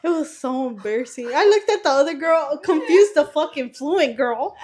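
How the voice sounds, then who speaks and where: A young woman co-hosting a podcast, telling embarrassing stories in animated casual chat, swearing often and laughing as she goes. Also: high-pitched, brisk. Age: young adult. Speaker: podcast co-host, youngest sister.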